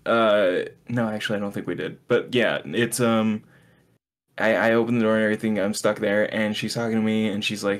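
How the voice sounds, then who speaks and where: A man's voice: fairly low pitch, fairly even intonation, a little fast. A man co-hosting a podcast, telling a rambling story in casual chat with fillers and swearing. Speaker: podcast co-host.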